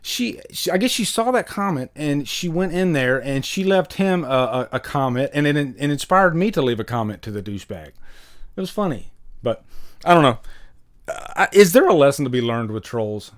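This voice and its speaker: A man's voice: a little high, expressive, normal speed. A man hosting a casual livestream, greeting viewers in the chat by name and rambling between topics. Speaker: livestream host. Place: home room with vinyl records.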